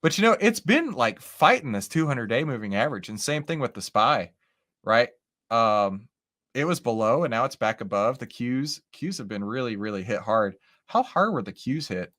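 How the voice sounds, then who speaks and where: A man's voice: mid-range voice, normal speed. A man hosting a live stock-trading stream, chatting casually to viewers as he walks through charts and often asks "right?". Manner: lively, animated, talks with chat and charts; says "right?" and "okay?" often. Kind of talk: casual live market commentary.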